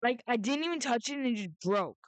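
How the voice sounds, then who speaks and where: Young girl rambling about football picks into a headset, kinda high voice, dead dry sound. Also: lively intonation, quick pace, clean tone, no echo. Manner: rambling, self-interrupting, jokey asides. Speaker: sports predictions vlogger. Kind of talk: casual chat with mock phone call and bits. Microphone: headset or headphone mic.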